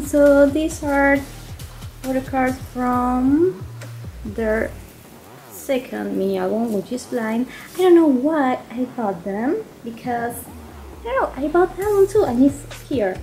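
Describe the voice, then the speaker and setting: A young woman from Argentina, casually chatting through an unboxing as a gushing, excitable fan who giggles and says "um" often. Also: sits high, poor audio. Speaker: vlogger. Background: faint background music.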